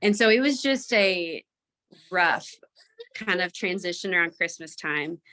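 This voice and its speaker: A woman's voice: lowish voice, expressive, a little slow, sharp tone. A woman on a video call, candidly sharing her personal experience as a team member. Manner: candid, self-reflective, rambling.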